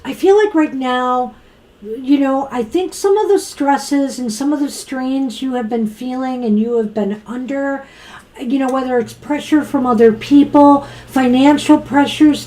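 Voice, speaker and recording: High, warm-toned woman reading tarot. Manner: chatty, reassuring, uses you know. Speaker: tarot reader co-host. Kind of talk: casual tarot reading chat.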